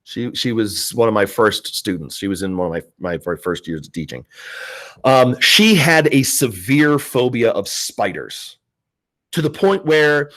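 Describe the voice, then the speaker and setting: A male teacher in his forties talks a class through a lesson in a relaxed, storytelling manner. He stumbles over restarts and fillers, then brightens to act out the people in his anecdotes. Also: medium pitch, unhurried. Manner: conversational, many fillers and restarts, acts out quoted voices.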